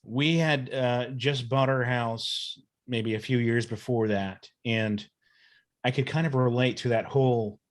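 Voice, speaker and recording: A man's voice: mid-range voice, steady tone, a little slow. A man hosting a podcast, talking in a loose, rambling, chatty way and laughing easily. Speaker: podcast host. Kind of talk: casual chat.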